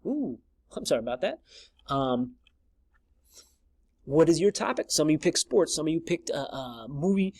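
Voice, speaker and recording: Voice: mid-range voice, sing-song, normal speed, long pauses, darkish tone. A math instructor talking through a screen-recorded lesson in a casual, chatty way, often stopping to correct themselves.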